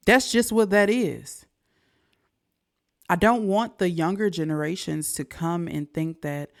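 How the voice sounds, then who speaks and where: A woman with a fairly low voice hosts a reaction video, commenting in a loose, conversational way. Her delivery keeps dipping from full voice down to soft, almost whispered asides. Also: takes it slowly, long pauses.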